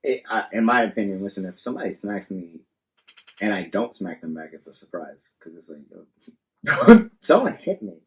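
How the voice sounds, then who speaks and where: This low-pitched podcast co-host is very animated and talks at a normal pace through a studio podcast mic. He curses freely, speaks bluntly, and plays out imaginary arguments on the casual show.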